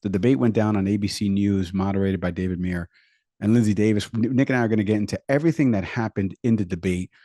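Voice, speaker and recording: Man co-hosting with a mellow, dry voice. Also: on the low side, fast talker, no room sound. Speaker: podcast co-host. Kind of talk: casual political chat.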